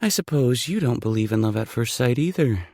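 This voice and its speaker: A man reading an audiobook, voicing a playful, teasing woman with a dry, deadpan wit. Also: medium pitch, a little fast, no echo, pitched above the performer's own voice.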